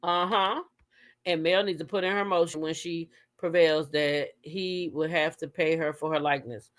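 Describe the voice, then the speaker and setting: Chatting with viewers on her laid-back gossip livestream, a woman curses without restraint and bursts into high-pitched shrieks while recounting how she reacted. Her tone is steady and her speed normal.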